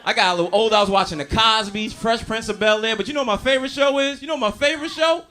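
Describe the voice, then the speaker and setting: A man doing a stand-up comedy set, telling loud, animated, profane stories and working the crowd. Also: high voice, racing. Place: comedy stage before a live audience. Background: audience laughter.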